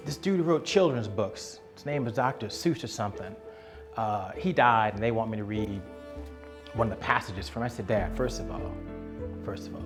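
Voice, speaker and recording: Animated man telling a family story. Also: fairly low pitch. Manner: animated, acts out voices in his retelling. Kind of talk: casual anecdotal storytelling.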